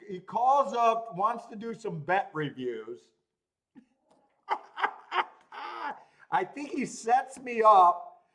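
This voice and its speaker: Animated, stammering man ranting on a livestream. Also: high voice. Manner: animated, laughing, stammering rants. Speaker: host of a horse racing betting livestream. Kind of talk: casual livestream chat.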